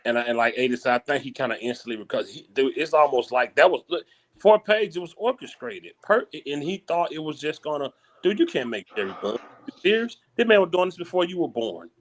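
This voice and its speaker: A man's voice: on the high side, lively intonation, a little fast. A man hosting casual sports talk, laid-back and slangy, often repeating his points.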